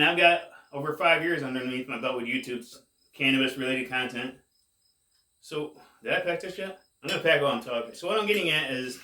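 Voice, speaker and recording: A man casually rambling to camera as a cannabis vlogger, laid-back and drawn-out, saying "man" a lot, high while he talks. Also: sharp tone, reverberant, recorded from a distance. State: high, getting more stoned.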